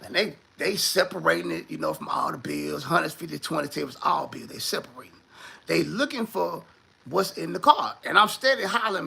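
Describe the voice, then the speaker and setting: A high-pitched man tells a story casually, cursing freely and acting out what others said. His voice is very gravelly and sharply bright, with a husky edge. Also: brisk. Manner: animated, profane, voices the people in his story.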